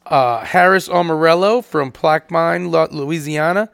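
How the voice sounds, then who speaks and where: A man co-hosting a casual podcast chat, animated and profane, acting out the people he quotes. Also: on the high side, normal speed, gravelly, clear, resonant tone, dry recording, studio quality. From Puerto Rico. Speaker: podcast co-host.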